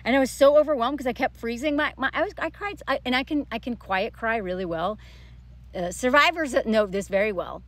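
A woman's voice: fairly high pitch, fairly quick, fairly bright tone. A woman in her thirties telling a personal story in a rambling, emotional storytime vlog, full of restarts and fillers. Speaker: vlogger. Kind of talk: casual storytime monologue.

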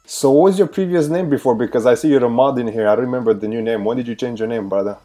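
A man's voice: mid-range voice, fast, dark tone, soft background music. A man hosting a casual livestream as a pastor, greeting viewers by name, laughing often and moving into earnest prayer.

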